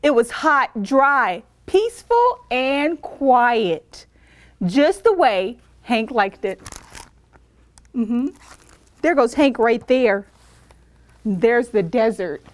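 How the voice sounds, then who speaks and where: A woman's voice: on the high side, extremely slow, pauses often, dry recording. A woman librarian reading a picture book aloud to children, stopping to ask them questions. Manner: animated, asks kids questions. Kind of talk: children's story time reading.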